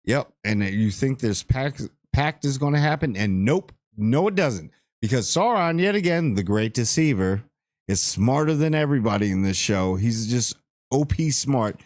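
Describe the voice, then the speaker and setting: A man's voice: medium pitch, animated, moderate pace, a little mellow, no room sound, clean studio sound. A man hosting a casual spoiler review, rambling and slangy with playful asides. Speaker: TV review channel host.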